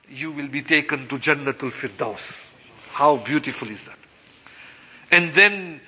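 A man preaching a sermon with passion, slowing down to stress his points. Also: fairly high pitch, pushed and bright. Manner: impassioned, slows for emphasis, acts out quoted voices. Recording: long hall reverb.

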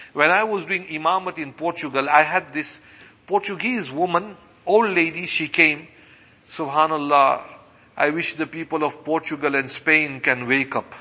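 Impassioned high-voiced man preaching in an echoey hall. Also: husky. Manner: impassioned, swings between loud exclamations and soft asides. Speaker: imam. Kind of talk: sermon.

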